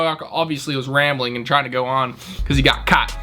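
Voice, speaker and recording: A man's voice: mid-range voice, steady tone, brisk, sharp tone. A young man, a restaurant manager, telling a story in a blunt, indignant, casual way and swearing freely.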